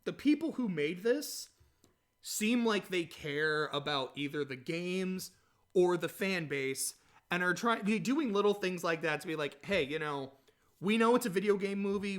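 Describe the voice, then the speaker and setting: A man hosting a solo podcast, rambling and chatty, telling stories in a casual, animated way. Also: sits high. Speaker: podcast host.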